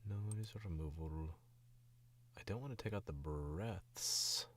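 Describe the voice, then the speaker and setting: A man's voice: deep voice, slow. A young man and voice actor chatting casually on stream while editing his own audio, rambling and self-critical, into a studio mic.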